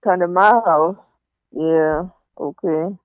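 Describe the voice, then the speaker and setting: A woman's voice: fairly low pitch, fairly even intonation, takes it slowly, no room sound, narrow, tinny audio. A woman co-hosting a live talk show, talking casually in a laid-back drawl. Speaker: radio co-host.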